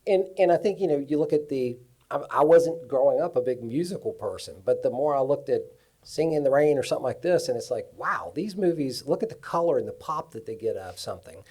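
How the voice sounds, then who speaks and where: A man on a cinematography panel, telling lively stories from his career at a live festival event. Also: mid-range voice, fairly quick, breathy edge. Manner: animated storyteller. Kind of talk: anecdotal panel talk.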